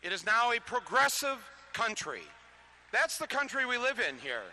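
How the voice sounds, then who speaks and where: A man speaks to a live audience in a high, sharp voice with a gravelly edge. He keeps the talk loose and conversational, trips over his words and chuckles between points. He is amplified through a stage microphone. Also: big pitch swings, normal speed, a little hiss or hum. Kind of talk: live political talk with comic asides. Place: public lecture venue before an audience.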